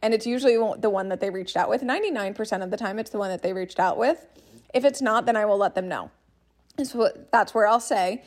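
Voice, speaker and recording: A woman's voice: medium pitch, fairly quick. A young adult woman coaching listeners on sales in an enthusiastic, direct way. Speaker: business coach. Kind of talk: teaching monologue.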